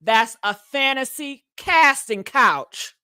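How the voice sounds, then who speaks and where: A woman hosts a gossip commentary vlog, sassy and dramatic, preaching at her viewers with church-style calls and pet names like "honey" and "baby." Her voice is high-pitched with lively intonation, her pace slow, and the background is noisy.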